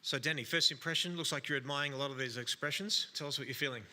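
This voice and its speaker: Male panel moderator, very bright tone, playful banter, hall reverb. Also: medium pitch, fast. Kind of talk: live event moderation.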